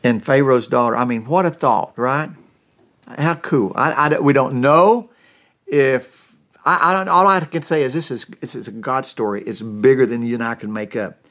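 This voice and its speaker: A man's voice: mid-range voice, normal speed, a bit bright. A middle-aged man preaching a sermon, telling stories in a folksy way with frequent restarts. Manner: folksy storytelling with many restarts. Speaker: pastor.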